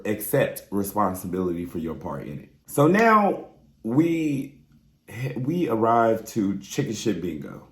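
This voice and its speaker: A man giving a blunt, sassy, profanity-laced recap of a reality show, talking straight to his viewers. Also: fairly low pitch. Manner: sassy, blunt and exasperated, swears freely, talks straight to viewers. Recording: roomy echoey room.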